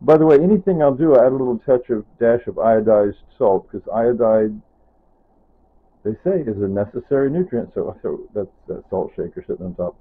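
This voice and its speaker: A man's voice: medium pitch, lively intonation, fairly quick, slightly rough. A man talking casually to camera in his home kitchen, rambling and wandering off topic, often trailing off with "anyway" and "whatever.". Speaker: vlogger. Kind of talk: casual kitchen vlog narration. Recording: tinny phone-like sound.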